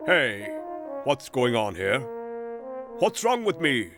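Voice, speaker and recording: A man's voice: medium pitch, very animated, slow pace, over loud music. A man voicing a proud, boastful male digger machine in a pompous, self-important manner for a storybook cartoon. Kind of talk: storybook character voice.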